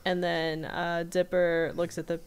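A woman co-host with a somewhat low voice recaps an episode in casual podcast chat. She tells it animatedly and laughs often. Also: a little slow, clear, resonant tone. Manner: animated retelling with frequent laughter.

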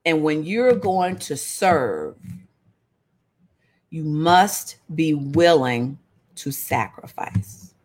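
A woman giving a lively, conversational Bible lesson, calling out to her listeners. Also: low-pitched, extremely slow, long pauses. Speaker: Bible study teacher. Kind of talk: casual sermon-style Bible teaching.

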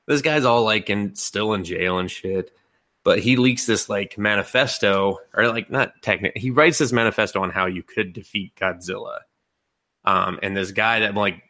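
Young guy ranting a movie recap on a podcast, kinda low voice, lots of swearing and silly quote voices. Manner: animated, profane retelling with laughs and mock quotes. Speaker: podcast co-host. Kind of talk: casual anime podcast chat.

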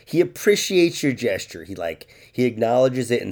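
A man's voice: medium pitch, very animated, moderate pace, darkish tone. A man hosting a podcast, teasing and swearing in crude comedic banter and laughing often. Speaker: podcast host.

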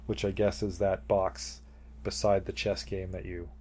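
A man's voice: low voice, flat delivery, unhurried, dark tone, slight background noise. A man co-hosting a podcast in casual chat, rambling and laughing as he retells things. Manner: rambling, laughs often, retells scenes animatedly. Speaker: podcast co-host.

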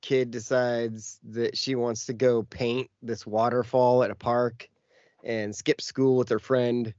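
A man's voice: mid-range voice, flat delivery, slow pace, darkish tone, no echo, muffled recording. A man co-hosting a podcast, telling a long story in casual chat with lots of fillers. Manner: rambling storytelling with many fillers. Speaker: podcast co-host.

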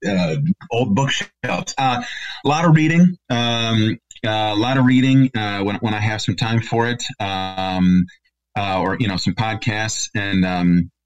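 Low-voiced man, halting and rambling. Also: lo-fi sound. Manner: rambling, many fillers and restarts. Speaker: guest, company regional director. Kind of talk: casual interview chat. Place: home basement office.

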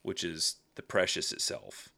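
A man's voice: deep voice, big pitch swings, a little slow, vocal fry, sharp tone. A man co-hosting a podcast, talking through a book chapter in an earnest, casual way, thinking aloud. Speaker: podcast co-host.

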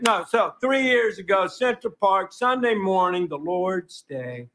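A man with a Texan accent hosting a comedy show, delivering a rambling, deadpan, self-mocking monologue in front of a live studio audience. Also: sits high. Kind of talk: stand-up monologue. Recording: live broadcast with a noisy studio crowd. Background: audience laughter and applause.

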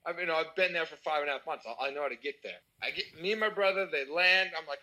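A young American man telling a wild party story in casual chat, animated and swearing. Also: on the high side, fast, hardly any pauses, rough recording. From United States.

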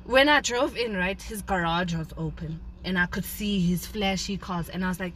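A woman's voice: on the low side, normal speed, fairly bright tone, slight background noise, low-quality recording. A young woman in her twenties, animatedly telling a dating story in casual chat with friends, acting out her own reactions.

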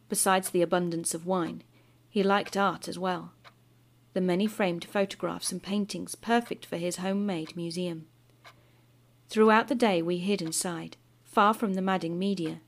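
A woman reading a scripted first-person horror story in a measured, bitter tone. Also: lowish voice. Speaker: story narrator. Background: music.

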